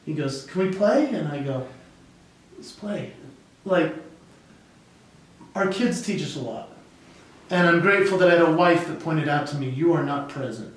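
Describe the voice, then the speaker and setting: High-voiced man telling a story in an echoey room. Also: normal speed, pauses often, distant mic. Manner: lively and expressive, acting out the people in his stories. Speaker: guest, keynote speaker and comedian. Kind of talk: animated storytelling in a podcast interview. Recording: echoey room, voice away from the mic.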